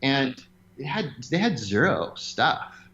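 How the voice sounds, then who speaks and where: A man being interviewed, telling stories in an animated way and laughing now and then. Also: mid-range voice, slow, highs cut off. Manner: animated storyteller, laughs often. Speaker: interview guest, gym owner. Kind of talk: conversational interview.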